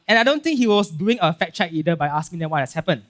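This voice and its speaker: A male pastor with a Singaporean English accent giving a casual, animated sermon, acting out Bible scenes and checking in with "right?" and "okay?". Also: fairly high pitch, quick pace. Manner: casual filler-heavy talk with frequent "right?" and "okay?".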